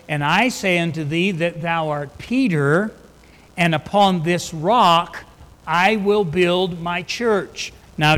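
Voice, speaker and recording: A pastor with a high, light voice delivers an unhurried sermon from the pulpit. He talks in a conversational way, restarting his sentences, and then lifts his voice with weight when he quotes scripture. His words ring out with the long reverb of a large hall. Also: a bit bright. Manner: conversational preaching with restarts, rising emphatically on scripture. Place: church sanctuary.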